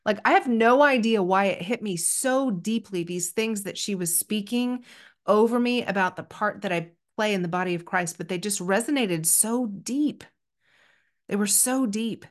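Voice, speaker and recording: A woman's voice: mid-range voice, moderate pace. Woman, middle-aged, podcast host, casual storytelling, self-deprecating, earnest.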